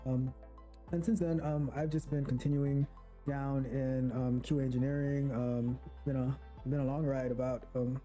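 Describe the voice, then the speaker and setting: A man gives a recorded self-introduction about his working life. He speaks hesitantly and pauses often. His voice sits at an ordinary middle pitch, with faint music behind him. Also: flat delivery, dark tone. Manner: hesitant, with many pauses and fillers. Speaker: quality assurance engineer.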